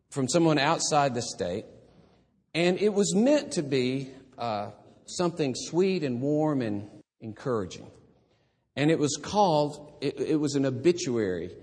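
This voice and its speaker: A man preaching a sermon as pastor, moving from casual storytelling to emphatic, forceful preaching. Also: medium pitch. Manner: conversational then building to emphatic preaching. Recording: long church reverb.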